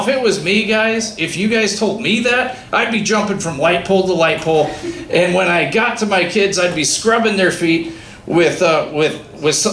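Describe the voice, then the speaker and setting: A man doing a stand-up comedy set, telling a story with lively acted-out dialogue. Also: on the high side. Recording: echoey room with faint ambient noise.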